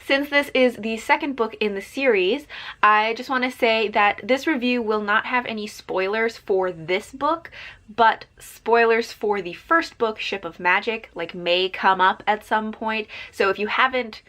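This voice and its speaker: A woman's voice: a little high, measured pace, fairly bright tone. Chatty young woman reviewing a book. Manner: chatty, with fillers like "um" and "like". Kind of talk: casual spoken book review.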